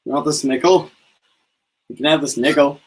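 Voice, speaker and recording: A man's voice: mid-range voice, normal speed, husky, poor audio. A young man hosting his channel's livestream, rambling in a jokey, mock-serious way. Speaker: channel host. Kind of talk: casual livestream chat.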